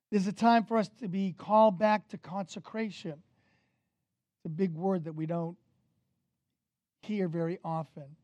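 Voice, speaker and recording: Male pastor, sermon, high-pitched, conversational, energetic, dry close sound. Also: no room sound. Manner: energetic, conversational preaching with fillers.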